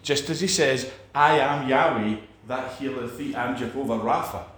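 A man's voice: mid-range voice, normal speed, fairly bright tone, roomy sound. A man preaching a sermon, emphatic, with repeated phrases and restarts.

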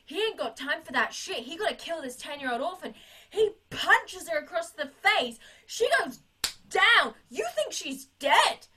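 A woman chatting casually on a podcast, retelling a film scene with swearing and quick acted-out character voices. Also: extremely high pitch. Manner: animated, swearing, acts out characters in quick bursts.

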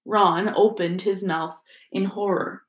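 A woman narrating a storybook in a steady, expressive reading voice, in a roomy echoing recording. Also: medium pitch, takes it slowly. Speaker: audiobook reader. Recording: roomy echo.

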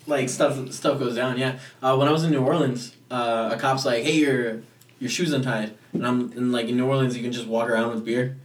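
A man's voice: mid-range voice, fairly even intonation, fairly quick, hardly any pauses. A Texan man telling stories on a casual podcast, loose and rambling, leaning on filler words. He sits away from the mic in an echoey room, so his voice sounds distant and roomy. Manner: rambling, filler-heavy storytelling with many "like"s. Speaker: comedian guest.

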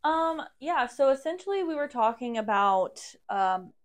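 A woman's voice: sits high, sing-song, measured pace. Blunt, sassy woman on a podcast. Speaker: guest. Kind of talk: casual chat.

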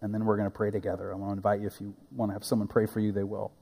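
A man preaching a sermon as a pastor, animated and playful, recorded in a church sanctuary. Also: on the low side, racing, creaky, slightly rough, in a large hall.

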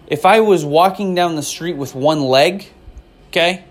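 A man's voice: a little high, unhurried. A man in his twenties delivering a profane, rambling stand-up rant in an exasperated tone. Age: 20s. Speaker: comedian.

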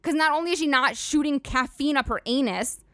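A woman's voice: high-pitched, brisk, fairly bright tone, no echo. Profane rambling woman podcast host, dry sound. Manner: profane, rambling, filler-heavy "like" talk. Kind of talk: solo comedic monologue.

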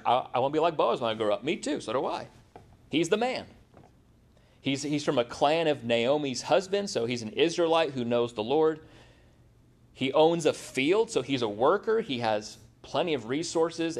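Man preaching an animated, conversational sermon. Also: medium pitch. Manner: conversational preaching, frequent rhetorical "right?"; animated, acts out quotes. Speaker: pastor.

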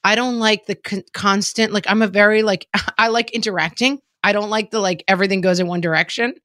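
A woman in her forties chats casually as a podcast co-host, laughing often and filling her speech with "like." Her medium-pitched, slightly bright voice has fairly even intonation and a somewhat fast pace, captured in a dry, studio-quality recording.

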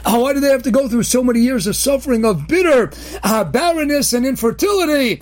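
A man with Orthodox Jewish English speech giving a short inspirational talk, animated, with sudden emphatic near-shouts and many filler sounds. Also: very high-pitched, fast. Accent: Orthodox Jewish English with Hebrew and Yiddish terms. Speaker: rabbi giving daily inspiration.

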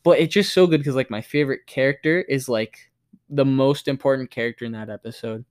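A man with a smooth, resonant voice co-hosts a relaxed podcast conversation. He gushes and rambles as he talks, eager and loose rather than polished. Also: medium pitch, a little fast. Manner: enthusiastic, rambling, gushing. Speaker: podcast co-host. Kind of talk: casual chat.

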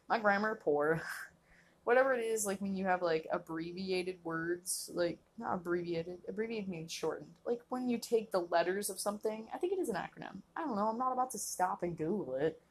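A woman's voice: mid-range voice, animated, moderate pace, slight background noise. A young woman hosting a casual solo podcast, rambling and laughing often, filling her talk with "like". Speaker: podcast host.

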